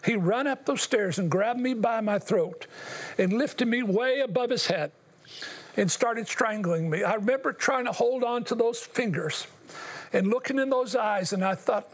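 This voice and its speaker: Husky, gravelly older man telling his story. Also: high voice, moderate pace. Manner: earnest, emotional storytelling addressed to the host. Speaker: interview guest. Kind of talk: personal testimony.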